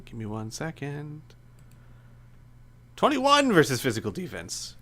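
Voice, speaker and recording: This is a relaxed, giggly game master guiding players through a tabletop session. The voice swings widely in pitch and the delivery is unhurried. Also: slight background noise. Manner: laid-back, giggly.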